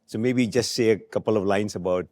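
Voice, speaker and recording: Low-voiced man moderating a talk. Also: brisk, dark tone. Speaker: host. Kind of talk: moderating a conversation.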